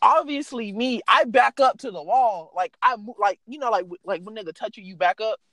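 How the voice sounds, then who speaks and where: A young man telling a story in a casual, animated way, swearing freely and filling his speech with "like". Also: high-pitched, brisk, no room sound. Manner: animated, profane, lots of fillers.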